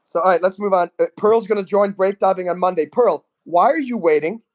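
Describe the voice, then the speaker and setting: A man's voice: sits high, brisk. A man in his forties hosting a live stream chat, rambling, enthusiastic and teasing. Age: 40s. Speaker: host.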